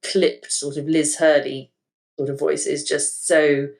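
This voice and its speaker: A woman co-hosting a casual podcast speaks in a low, creaky, darkish voice, unhurried and flat in delivery. Still, she comes across as chatty and enthusiastic, with filler words and laughs.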